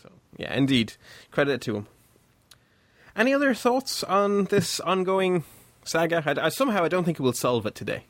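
A man's voice: on the high side, moderate pace, dry recording. A man with an Irish accent hosting a casual tech podcast, running through figures methodically and steering the panel. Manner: reads figures off in a steady, methodical run. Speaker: podcast host.

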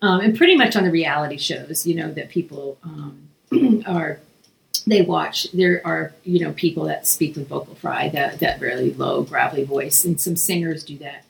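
Woman with a low gravelly voice. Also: normal speed, low-quality recording. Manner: rambling, self-correcting, thinks aloud. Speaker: podcast co-host. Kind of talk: casual chat.

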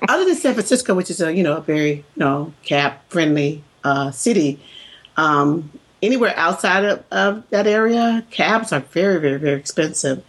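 Lowish Southern American woman, laughing easily. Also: lively intonation, normal speed, poor audio. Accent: softened Southern American. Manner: laughs often, hesitant with fillers. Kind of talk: casual chat.

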